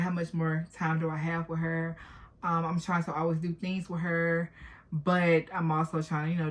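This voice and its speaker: A woman in her late twenties talking candidly and emotionally to her viewers in a personal vlog. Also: deep voice. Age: late 20s. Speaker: vlogger.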